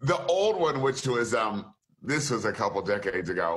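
A man's voice: on the low side, moderate pace, a little hiss or hum. A man, a voice actor, telling an anecdote on a remote call through his computer mic, laughing as he goes. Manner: lively storyteller who laughs and slips into voices. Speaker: voice actor guest.

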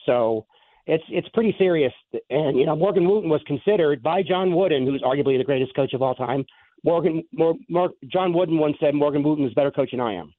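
A man's voice: on the high side, fairly quick, no echo. Man with a cold on a phone line. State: has a cold. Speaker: author guest.

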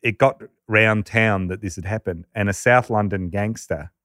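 Australian male storyteller, low voice, lively, laughs a lot, does voices, dry close mic. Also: moderate pace, dry recording. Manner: lively anecdote-telling, laughing, acting out quoted voices. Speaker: podcast storyteller. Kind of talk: casual storytelling chat.

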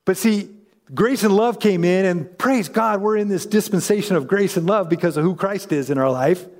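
A man's voice: high voice, normal speed, a little mellow, in a large hall. A man preaching a sermon in a conversational way, acting out the voices in the story he tells. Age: adult parent. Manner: conversational, acts out quoted voices. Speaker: pastor.

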